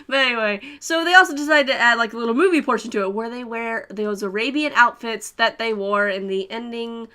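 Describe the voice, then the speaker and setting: Young woman, bright and a bit high-pitched, chatty giggly fan reviewer. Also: brisk, few pauses. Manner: giggly, rambling, many fillers and laughs. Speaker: anime reviewer. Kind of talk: casual spoiler review.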